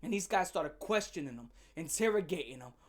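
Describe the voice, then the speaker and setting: A woman's voice: low voice, animated, slightly rough. A woman hosting a comedic commentary rant, blunt and profane with heavy slang. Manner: blunt, fast-shifting, heavy swearing and slang. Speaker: commentary channel host.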